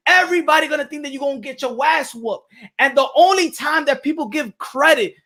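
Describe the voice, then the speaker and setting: A man hosting a boxing channel, lecturing in an emphatic, preachy monologue that repeats his points and sometimes shouts. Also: very high-pitched, fairly quick. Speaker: boxing commentator and channel host. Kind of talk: animated monologue skit.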